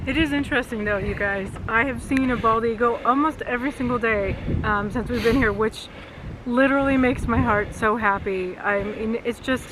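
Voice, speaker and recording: Excited woman chatting outdoors. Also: on the high side, normal speed. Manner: enthusiastic, gushing. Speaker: vlog co-host. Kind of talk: casual vlog chat. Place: outdoors on a coastal cape. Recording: noisy outdoor camera audio.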